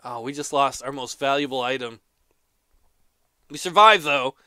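A man's voice: medium pitch, normal speed, sharp tone, clear, resonant tone, no room sound, studio quality. A man casually commenting on a game as he plays, exclaiming often, laughing and reading the game's text aloud. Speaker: let's player.

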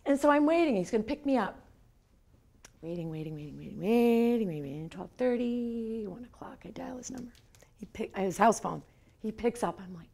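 A woman's voice: a little high, expressive, fairly quick, darkish tone. A woman in her fifties telling a personal story at a lecture, animatedly acting out the quoted dialogue. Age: 50s. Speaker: lecture speaker. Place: lecture hall.

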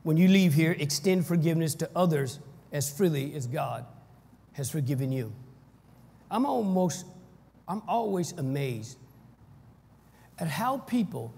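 A man preaching a sermon as pastor, energetic and leading the congregation in call-and-response. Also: a little high, a little slow, creaky, pauses often, husky. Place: church hall. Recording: echoey church hall.

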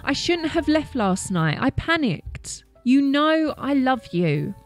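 A woman voicing a young girlfriend who pleads and apologizes through tears, read slowly over faint music. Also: high voice, very animated, exaggerated voice. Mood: pleading. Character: tearful young woman begging her boyfriend.

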